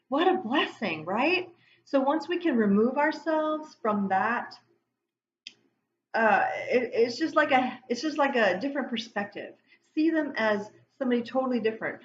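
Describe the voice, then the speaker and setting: A woman's voice: a little high, roomy sound, muffled recording, a little hiss or hum. A woman giving a casual spiritual tarot reading to camera, rambling and going off on tangents. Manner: rambling, warm-hearted, self-interrupting. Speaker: tarot reader.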